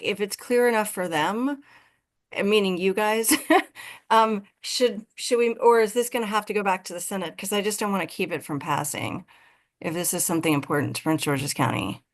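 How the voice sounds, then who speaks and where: A woman legislator asking a process question in a committee, halting and apologetic. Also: mid-range voice. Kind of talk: committee discussion.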